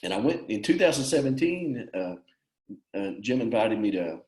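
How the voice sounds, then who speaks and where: Southeastern US man, guest presenter, easygoing and conversational, lowish voice, echoey room on a video call. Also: sing-song, normal speed, darkish tone. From Alabama, USA. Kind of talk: webinar presentation.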